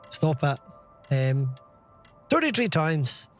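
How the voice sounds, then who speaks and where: A man with a fairly high voice chats on a game live stream, drifting from topic to topic and laughing often. Soft game music plays faintly under his voice. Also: moderate pace. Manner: rambling, chatty, laughs often. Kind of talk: casual live-stream chat.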